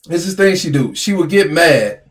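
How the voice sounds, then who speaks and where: Man, high-pitched, slightly hoarse, animated complaining, casual podcast. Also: a little fast. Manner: animated, complaining, repeats himself. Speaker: podcast co-host. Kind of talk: casual argumentative chat.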